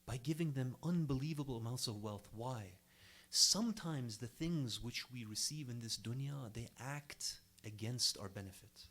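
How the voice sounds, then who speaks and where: A young man speaking at an Islamic center preaches to a congregation earnestly and emphatically. His medium-pitched, slightly bright voice rises and drops sharply to stress each point.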